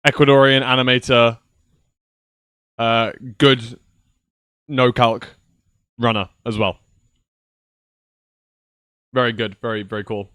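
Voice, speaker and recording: A man's voice: mid-range voice, little pitch movement, slow, pauses often, a bit bright, clear, resonant tone, no room sound, clean studio sound. A young man rambling casually to his viewers on a livestream from his computer, swearing now and then. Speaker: streamer. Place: at home at a PC.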